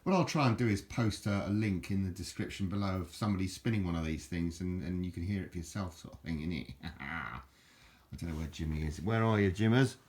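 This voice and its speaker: A man hosting a casual home video, talking in a halting, rambling way with many restarts and self-mocking jokes. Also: low voice, a little mellow. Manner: drops into mock Aussie slang for fun. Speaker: video host showing an object. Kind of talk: casual rambling show-and-tell. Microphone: handheld camera, filming one-handed.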